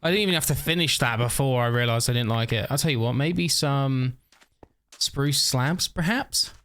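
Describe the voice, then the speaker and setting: Man, casual gameplay commentary, chatty, tired, mid-pitched voice. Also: fairly bright tone. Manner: chatty, upbeat, thinks aloud, laughs often. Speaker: gaming video creator.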